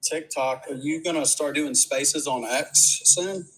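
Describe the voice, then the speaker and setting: A man with a fairly high voice calls in to a live show. He drops in short, friendly remarks in a relaxed, casual way. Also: a little slow, breathy edge, poor audio. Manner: brief friendly interjections. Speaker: caller. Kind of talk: casual chat.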